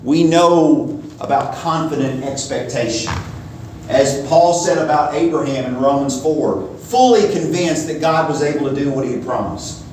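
A man in his forties preaching a sermon, his voice sitting a little high for a man. He stresses some words hard and drops to quiet asides on others. The sound carries the heavy echo of a large hall, picked up from some distance with a faint room hum behind it. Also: normal speed. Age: 40s. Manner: emphatic, swings between loud stresses and quiet asides. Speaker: pastor. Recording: echoey hall, mic at a distance, faint ambience.

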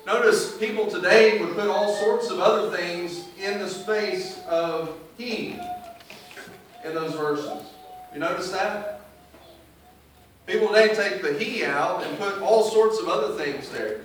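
A man's voice: sits high, measured pace, long pauses. Echoey distant male preacher. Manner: emphatic, reads scripture aloud then paraphrases it conversationally. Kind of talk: sermon. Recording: very echoey room, distant mic, faint hiss.

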